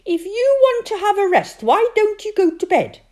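A piping, very high little girl full of curiosity and a bossy streak. Her voice leaps around wildly and squeals on every exclamation, with a soft mellow tone under it all. A storybook child through and through. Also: big pitch swings, normal speed. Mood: earnest.

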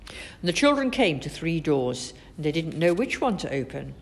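Woman reading a kids' story, lively voice that swoops all over. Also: sits low, moderate pace. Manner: expressive, animated storytelling. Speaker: narrator.

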